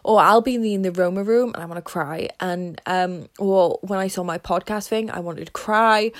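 A woman podcaster and consultant in casual motivational chat, bubbly and rambling, often dropping to a hushed whisper. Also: medium pitch, normal speed.

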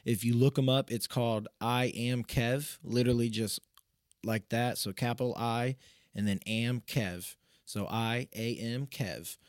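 A man's voice: mid-range voice, fairly even intonation, a little slow, no echo, studio quality. A man hosting a podcast in casual chat, talking loosely with lots of swearing and "you know what I mean" fillers. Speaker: podcast host.

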